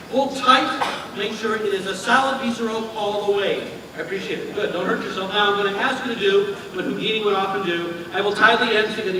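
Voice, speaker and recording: A man performing as a stage magician, chatting and joking with volunteers in front of a live audience. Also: high voice. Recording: echoey theater hall from far off, audience noise.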